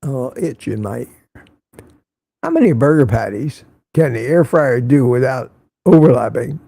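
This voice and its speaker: Gravelly, mellow-voiced male livestream host. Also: mid-range voice, very animated, unhurried, no room sound. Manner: chatty, chuckles often, repeats himself. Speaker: livestream host reading viewer chat. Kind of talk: casual morning livestream chat.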